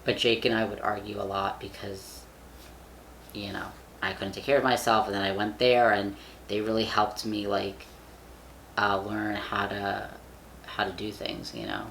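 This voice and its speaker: A man's voice: on the low side, unhurried, vocal fry, fairly bright tone, a little hiss or hum. A young man vlogging in casual chat, rambling with lots of fillers and casual swearing. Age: young adult.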